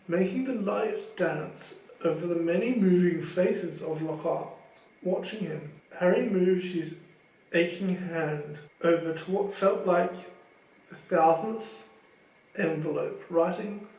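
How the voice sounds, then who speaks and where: A man reading a novel aloud in a measured, expressive storytelling manner. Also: sits high, echoey room, distant mic, low-quality recording. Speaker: audiobook reader. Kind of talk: fan audiobook narration.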